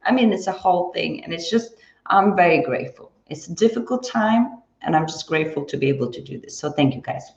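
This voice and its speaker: A woman's voice: lowish voice, expressive, a little fast. Woman, chatty dance teacher, thanks viewers by name, echoey room, muffled stream audio. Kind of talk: live-stream chat after class. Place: indoors at home.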